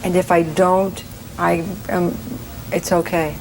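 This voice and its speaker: Earnest woman guest, halting restarts. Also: on the low side, level tone, darkish tone, a little hiss or hum, rough recording. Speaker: guest actress. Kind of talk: casual TV interview.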